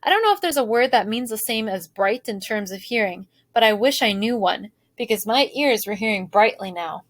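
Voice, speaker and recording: Teacher lady reading a book out loud, steady clear voice, no echo. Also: medium pitch, moderate pace, hardly any pauses. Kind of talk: reading a novel aloud.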